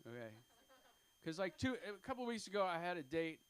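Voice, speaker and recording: A man in his fifties works through a stand-up set on a comedy club stage, speaking into a handheld mic. His voice sits a little high for a man. He rambles and runs himself down, stopping and restarting with plenty of ums and uhs. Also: big pitch swings, smooth. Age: 50s. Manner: rambling, self-deprecating, halting with fillers.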